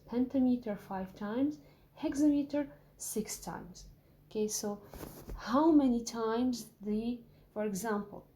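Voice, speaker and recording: A woman teaching a lesson on poetic meter, explaining patiently with many pauses and fillers. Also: medium pitch, mellow, low-quality recording. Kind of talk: lecture on poetry.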